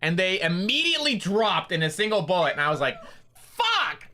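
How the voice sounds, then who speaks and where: A man's voice: high voice, big pitch swings, fast, pushed and bright, a little hiss or hum. A man casually recounting a game story on his stream, rambling and swearing with lots of fillers.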